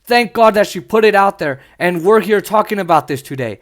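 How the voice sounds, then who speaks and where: A man with a high-pitched voice hosts his own podcast, speaking with raw passion and blunt frankness. He slips into mocking asides now and then, in a loose, unscripted commentary. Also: lively intonation, brisk. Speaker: podcast host.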